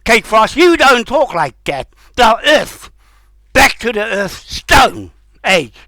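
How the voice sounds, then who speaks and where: A man delivering a heated, confrontational rant, swearing and breaking into shouts. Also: sits high, sing-song, slow pace, no echo, rough recording. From New Zealand. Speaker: vlogger. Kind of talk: angry ranting monologue.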